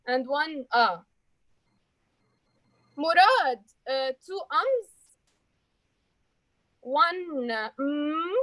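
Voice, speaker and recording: A woman with a high-pitched, slightly bright voice gives a friendly report of filler-word counts to her speaking club and leads a breathing exercise. She's chatty and encouraging and calls people dear. The recording is rough, with no echo.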